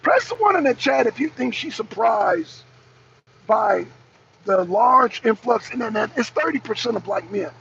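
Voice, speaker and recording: This livestream host is a woman whose voice is slightly high, creaky, and fairly bright, with expressive delivery at a somewhat slow pace. Hosting a political stream, she presses the same rhetorical questions emphatically over and over while responding to chat viewers. Faint noise runs under the dull, lo-fi stream sound.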